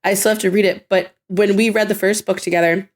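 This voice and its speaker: Woman podcast co-host, mid pitch, relaxed chatter with swearing and laughs. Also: fairly quick. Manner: casual, swears, laughs often. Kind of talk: casual chat.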